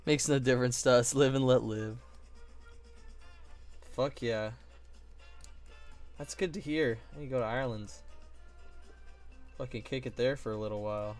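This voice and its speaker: A man's voice: mid-range voice, normal speed, pauses often, darkish tone, faint music behind. A man live streaming while building models, chatting casually in a playful, joking and often profane way.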